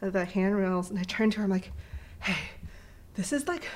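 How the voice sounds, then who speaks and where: A young adult woman in casual chat, telling a story in an animated, giggly way with lots of "like". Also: medium pitch, normal speed.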